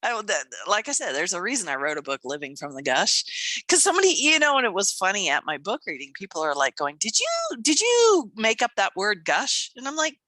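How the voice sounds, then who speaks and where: A woman co-hosting a podcast, telling stories in a casual chat, animated, acting out voices and laughing often. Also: lowish voice, quick pace, dry recording. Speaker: podcast co-host and coach.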